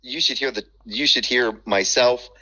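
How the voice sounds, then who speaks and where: A man telling stories in casual chat, profane and animated, acting out the voices he quotes. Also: medium pitch, normal speed, dull audio, a little hiss or hum.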